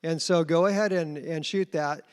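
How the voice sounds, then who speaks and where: A man's voice: fairly high pitch, steady tone, moderate pace, darkish tone, clear, resonant tone. A man giving an earnest conference talk about leading a church group, telling his story plainly. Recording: reverberant hall.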